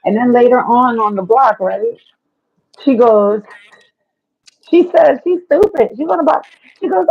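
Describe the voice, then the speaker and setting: A woman trading stories in casual chat, lively and profane, acting out quoted lines. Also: a little high, measured pace, creaky, pauses often, husky, dull audio.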